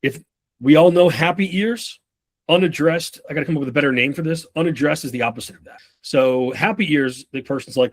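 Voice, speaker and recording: A man's voice: on the high side, fairly quick. A man in his thirties giving a casual, profanity-laced sales training talk, acting out short bits of customers and reps as he goes.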